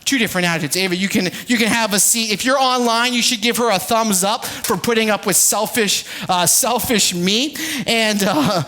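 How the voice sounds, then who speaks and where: Lively, bright-voiced male pastor. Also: very high-pitched. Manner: animated, self-deprecating storytelling. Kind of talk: sermon. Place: church service, livestreamed.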